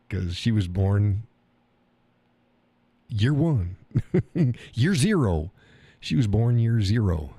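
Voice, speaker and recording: Tired, crude older male host in his 60s, low voice, dry close mic. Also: a little mellow, husky, no room sound. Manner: crude, rambling, reads chat aloud, laughs often. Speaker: live stream host. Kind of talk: casual live-stream chat.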